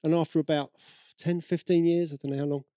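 A British man preaching a sermon in a chatty storytelling way, slipping into the voices of people he has met. His voice sits slightly high for a man yet sounds mellow and warm. The recording is close and dry. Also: flat delivery, quick pace, no room sound. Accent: British English. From Britain. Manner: conversational storytelling, acts out quoted voices. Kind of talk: sermon with personal stories.

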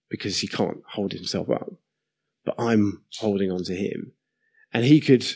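A man in his thirties preaching a sermon, slowing down and leaning hard on key words for emphasis. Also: mid-range voice, creaky, darkish tone. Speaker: pastor.

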